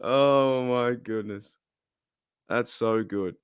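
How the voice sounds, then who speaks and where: Hosting a laid-back live stream, this Australian-accented man has a clear, resonant, medium-pitched voice. He's chatty and rambling, reading chat aloud and laughing a lot, and the studio audio is clean with no room sound.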